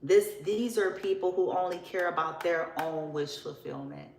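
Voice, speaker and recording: A woman's voice: on the low side, normal speed, a little mellow, echoey room, a little hiss or hum, poor audio. A woman giving a casual tarot reading, blunt and profane, often laughing as she talks. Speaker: tarot reader.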